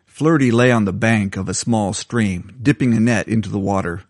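A man reading his own short stories aloud in a measured storytelling delivery. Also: lowish voice, dry recording, clean studio sound. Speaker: contributing story writer.

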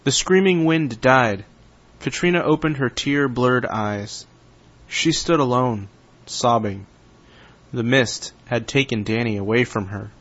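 A man reading his own short story aloud in steady narration. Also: mid-range voice, unhurried, lo-fi sound. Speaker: story contributor.

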